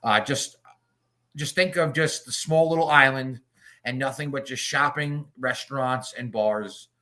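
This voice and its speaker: Guy cohosting a podcast, bright voice, crude jokey stories, laid back chat. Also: mid-range voice, measured pace. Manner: crude, joking storyteller. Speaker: podcast co-host. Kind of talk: casual chat.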